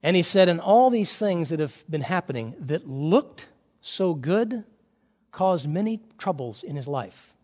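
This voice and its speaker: A middle-aged male pastor delivers an animated sermon, acting out stories and swinging from loud to hushed. His voice sits high for a man. The sound carries a long reverb, like a large sanctuary. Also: unhurried.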